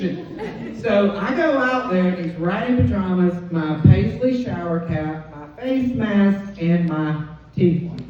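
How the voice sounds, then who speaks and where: A woman comedian, telling a stand-up story in an animated way and acting out the quoted voices. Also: fairly low pitch, takes it slowly. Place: comedy club stage. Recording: dull, distant, echoey club recording.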